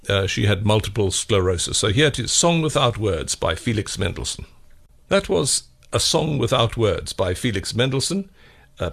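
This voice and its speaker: A man hosting a classical music radio interview, unhurried with frequent hesitations. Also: on the low side. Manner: gravelly, unhurried, with frequent uhs. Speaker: radio presenter.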